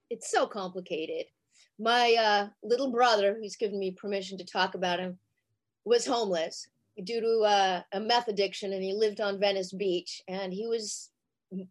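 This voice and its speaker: A middle-aged woman guest telling a story in a casual interview, animated and chatty with many fillers. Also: mid-range voice. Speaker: interview guest, actress and charity founder.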